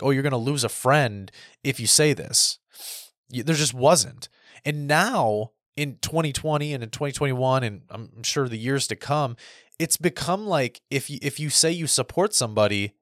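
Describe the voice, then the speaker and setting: A man in his thirties talks through a casual podcast monologue, circling back and repeating his points with many restarts. His voice sits at a middle pitch. The sound is dry, with no room echo. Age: 30s. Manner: rambling, repeats himself, frequent restarts. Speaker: podcast host.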